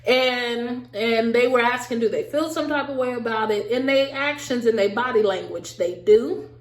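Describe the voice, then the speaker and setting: A woman with a fairly high voice recaps reality TV in a lively, sassy way, talking straight to her viewers. The room around her is echoey. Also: moderate pace. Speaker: recap vlogger. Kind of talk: casual TV recap commentary.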